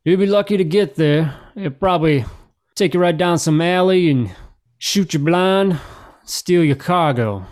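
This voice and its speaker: A man voicing a brusque officer at a checkpoint in a tabletop game, high and clipped. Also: lively intonation, moderate pace, gravelly, a little mellow. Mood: officious.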